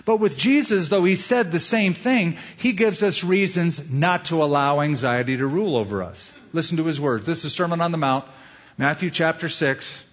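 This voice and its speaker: A man's voice: a little high, moderate pace. A male pastor preaching a sermon in a conversational way, often putting questions to the listeners. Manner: conversational, asks the audience questions. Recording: dull lo-fi sound.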